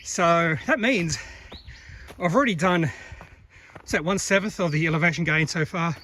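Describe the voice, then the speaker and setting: A man's voice: on the high side, normal speed, bright, forceful tone, a little hiss or hum. A man chatting casually and rambling with fillers while filming himself on an outdoor rainforest trail. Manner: chatty, rambling, lots of fillers and self-corrections. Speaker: hiking vlogger. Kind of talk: casual vlog narration while hiking.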